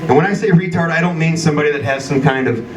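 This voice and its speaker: A man's voice: fairly high pitch, fast talker. A middle-aged man doing a crude, self-mocking stand-up comedy set in a bar, acting out voices. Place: bar or club stage. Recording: echoey room, mic far off, noisy.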